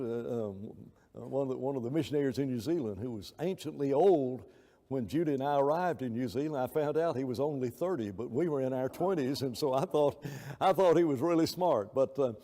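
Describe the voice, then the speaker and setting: A man with a medium-pitched, dark voice teaches a Bible class in a conversational, rambling way, telling anecdotes and acting out quoted voices. The recording carries the long reverb of a church hall.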